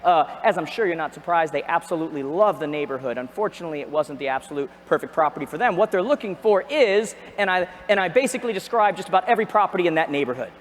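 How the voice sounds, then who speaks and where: A man giving an energetic seminar talk on a stage, asking the audience questions and joking with them. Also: on the high side, quick pace, few pauses. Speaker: real estate trainer. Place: large arena. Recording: echoey arena with long reverb.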